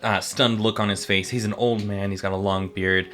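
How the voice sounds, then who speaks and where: A man's voice: lowish voice, flat delivery, normal speed, a bit bright. A man running a tabletop game as game master, hesitant, with many ums and restarts.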